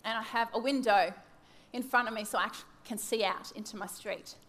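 Candid higher-voiced woman giving a devotional talk. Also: fairly even intonation, fairly quick, fairly bright tone. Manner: candid, self-mocking, acts out her own scattered thoughts. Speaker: church teacher.

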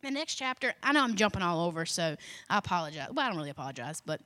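A woman's voice: fairly low pitch, sing-song, racing, bright, forceful tone, no echo, studio quality. A woman giving an earnest, conversational devotional talk, repeating phrases for emphasis and adding informal asides. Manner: informal, with asides and self-deprecating remarks. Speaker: speaker sharing a Bible message.

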